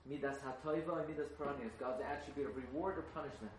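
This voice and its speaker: A man's voice: mid-range voice, steady tone, fast talker, slight background noise. A man giving a sermon as a rabbi, asking emphatic rhetorical questions and rising into fervent chanting of texts. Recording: echoey, from a distance.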